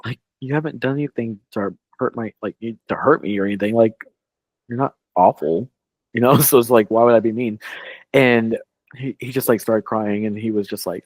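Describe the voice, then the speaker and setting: A man's voice: medium pitch, moderate pace, a little mellow, no echo. A man co-hosting a podcast, telling a long story in casual chat, full of "like" and quoted dialogue. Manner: rambling, heavy on "like", quoting others. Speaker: podcast co-host.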